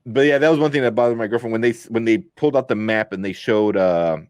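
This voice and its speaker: A man's voice: on the low side, fast, a little mellow, clear, resonant tone, no echo, studio quality. A young man co-hosting a casual movie review chat, rambling with lots of fillers and restarts. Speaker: podcast co-host.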